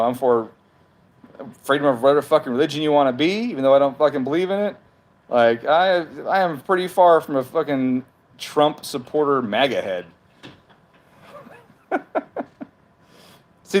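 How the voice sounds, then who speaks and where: Profane, argumentative male streamer. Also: medium pitch. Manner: profane, argumentative, talks back to comments. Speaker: livestream host reading chat. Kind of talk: heated casual livestream rant. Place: at home.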